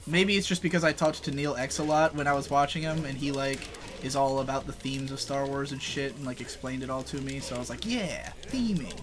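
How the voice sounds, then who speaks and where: A man's voice: mid-range voice, level tone, fast. A young man chatting casually while playing a fighting game, rambling and swearing, often laughing. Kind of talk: casual chat over gameplay.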